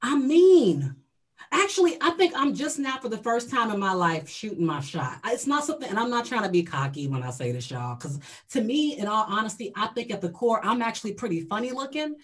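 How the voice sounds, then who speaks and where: A woman's voice: fairly high pitch, very animated, a little fast. A woman co-hosting a podcast, talking candidly and bluntly with plenty of jokes in casual chat. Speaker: podcast co-host.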